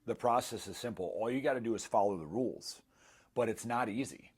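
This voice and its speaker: Speaking a little fast in a lowish, husky voice with a darkish tone, a man in his thirties shares a testimonial as a former client. He's candid and pokes fun at himself, storytelling casually and voicing the dialogue he quotes.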